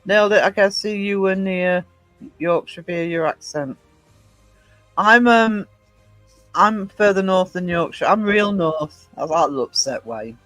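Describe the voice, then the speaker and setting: A woman's voice: lowish voice, animated, unhurried, fairly bright tone, no room sound, faint music behind, low-quality recording. Host, woman from Northumberland, chatty, dry close sound. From Northumberland, England. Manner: chatty, reads chat comments aloud. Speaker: livestream host. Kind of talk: casual chat with live viewers.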